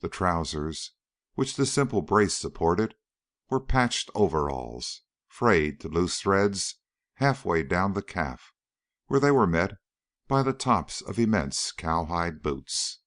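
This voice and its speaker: A man narrating an audiobook in a measured storytelling manner. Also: low voice, sing-song, fairly bright tone. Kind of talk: scripted narration.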